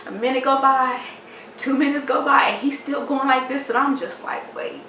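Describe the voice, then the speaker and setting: A woman vlogger telling a story to the camera in a casual, animated and exasperated way, acting out the people in it. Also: sits high, moderate pace. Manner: animated, exasperated retelling with quoted dialogue. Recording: echoey room, mic at a distance, faint noise.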